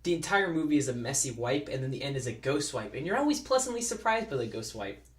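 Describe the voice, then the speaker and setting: A man's voice: medium pitch, sing-song, quick pace, echoey room. A man chatting casually as a movie reviewer, jokey and rambling.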